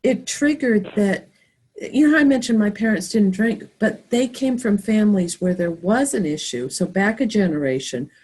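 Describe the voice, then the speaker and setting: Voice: mid-range voice, lively intonation, moderate pace, darkish tone, husky. A podcast guest speaking earnestly and reflectively from personal experience. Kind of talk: casual conversation.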